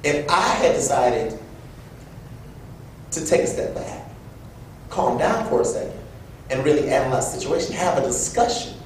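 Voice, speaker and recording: Give me an animated young male speaker with a faint low rumble behind him in a roomy hall. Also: moderate pace, pauses often. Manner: animated, acts out quoted voices. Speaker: event speaker. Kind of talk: personal storytelling speech. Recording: echoey room from far off with low rumble.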